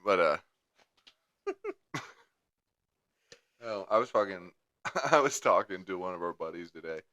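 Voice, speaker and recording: A young podcast co-host rambles crudely through a long story, swearing as he goes, animated yet a little slow. His slightly low voice still sounds bright and forceful. The recording is dry, close and dull, with no echo.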